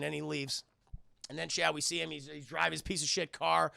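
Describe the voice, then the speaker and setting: A man excitedly recapping a film scene by scene on a live stream, swearing freely and constantly addressing his chat. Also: a little high, brisk, gravelly, no room sound, clean studio sound.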